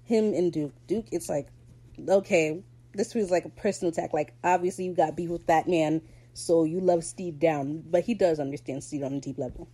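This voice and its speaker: A woman's voice: low-pitched, fairly even intonation, moderate pace, warm tone. A woman hosting a podcast, recapping a TV episode in slangy, opinionated casual chat and laughing easily. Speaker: podcast host.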